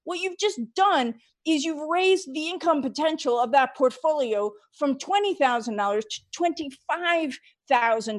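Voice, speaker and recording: A middle-aged woman with a somewhat high-pitched voice answers interview questions as a financial advisor. She explains her reasoning methodically, leaning on key figures with emphasis. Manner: walks through figures step by step, emphatic.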